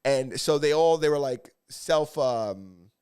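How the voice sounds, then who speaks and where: A man's voice: medium pitch, lively intonation, slow, a little mellow, clear, resonant tone. A man co-hosting a podcast, telling a long rambling story in casual chat and swearing freely. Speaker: podcast co-host.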